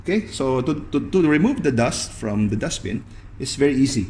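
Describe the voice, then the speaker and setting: A young man talking through a hands-on cleaning demonstration in a loose, casual way, leaning on a steady stream of "okay" between steps. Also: medium pitch, a little hiss or hum. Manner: loose, fills pauses with frequent "okay". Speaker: video host demonstrating appliance upkeep.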